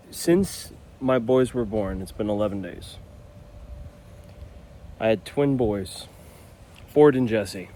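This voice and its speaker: A man's voice: mid-range voice, a little mellow. Earnest young man in his twenties. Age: 20s. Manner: earnest and rambling, with restarts. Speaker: vlogger and new father. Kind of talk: casual talk to camera.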